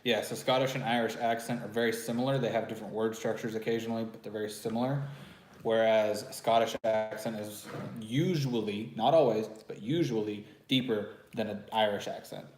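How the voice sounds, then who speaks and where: A man's voice: fairly low pitch, steady tone, fairly quick, a little mellow. A man with a Texan accent hosting a live stream from home, chatting and teasing casually, throat a bit sore. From Texas. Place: home room with house lighting. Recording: echoey room.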